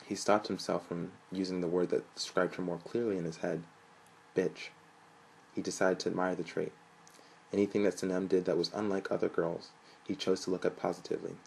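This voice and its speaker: A young man reading a story aloud in an even, flat manner, lifting his voice for quoted lines. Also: sits low, fairly quick, gravelly, a little hiss or hum, rough recording. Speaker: narrator.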